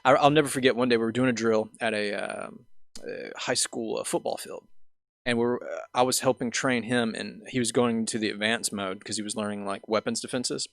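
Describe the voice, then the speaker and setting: A man's voice: on the low side, fairly even intonation, fairly quick, vocal fry, fairly bright tone, no room sound, clean studio sound. A man hosting a podcast, telling a long story in a casual, rambling way full of fillers and restarts. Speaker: podcast host.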